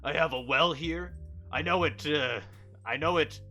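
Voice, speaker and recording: A man voicing a friendly female orc war chief who talks in a relaxed, rambling way. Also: fairly high pitch, unhurried, faint music behind, voice pushed up. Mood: welcoming. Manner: laid-back, rambling hostess.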